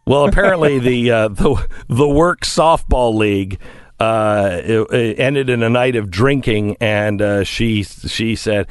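A man's voice: lowish voice, a little slow, no echo. A man co-hosting a casual comedic news chat, reading out stories and riffing on them. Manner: reads news items, then riffs on them jokingly. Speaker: podcast co-host.

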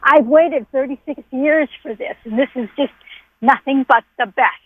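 An excitable, chatty woman calls in over a tinny phone line. Her voice sits high. The sound is dry and close. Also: normal speed, breathy edge, no echo. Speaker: caller. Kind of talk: casual call-in chat.

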